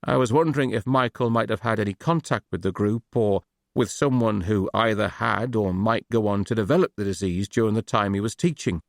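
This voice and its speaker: An earnest police detective who questions in a measured, probing way, as an audiobook narrator puts him on. The voice is gravelly and dry, sitting somewhat above the reader's low register. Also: male voice, no echo.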